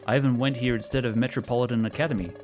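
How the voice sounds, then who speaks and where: A man voicing a lovesick anime high school boy in an earnest, pleading way, over background music. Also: steady tone, very fast, close to an everyday voice.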